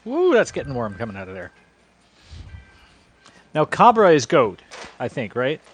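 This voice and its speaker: A man's voice: mid-range voice, huge pitch swings, moderate pace, slight background noise. A man co-hosting a live cooking stream, cracking jokes and puns while he cooks. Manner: joking, full of puns. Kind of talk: casual chat while cooking.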